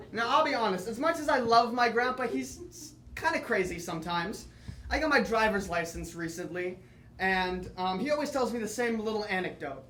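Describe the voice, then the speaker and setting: A teenage boy performing a solo comedy monologue, telling lively comic stories with asides to the audience. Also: sits high, reverberant. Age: teens. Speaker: student performer. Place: theatre or classroom with audience.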